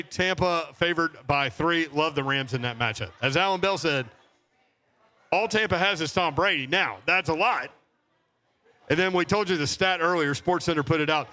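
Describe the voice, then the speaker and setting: A male sports radio host with a fairly high, bright, forceful voice. He runs through the betting lines and jokes around with his co-host in casual banter. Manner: reads betting lines and gives phone number, jokey.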